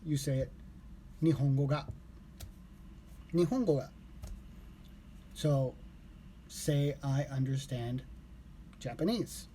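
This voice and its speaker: Man, casual live streamer, loose rambling delivery with self-corrections; mellow tone, faint background noise. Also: fairly high pitch. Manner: relaxed, rambling, corrects himself aloud. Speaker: live streamer learning Japanese.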